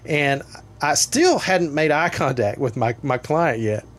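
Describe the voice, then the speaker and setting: Guest appraiser, man with a fairly high voice, laughs a lot, gets loud at the funny parts. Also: expressive, measured pace. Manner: laughs often, tells stories with strong bursts. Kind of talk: casual storytelling chat.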